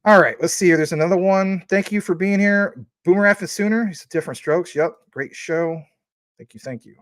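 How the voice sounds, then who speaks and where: A crypto livestream host in his forties rambles casually, full of fillers, as he reads out and thanks viewers for their super chats. His voice sits high and moves a little fast, in a dry recording.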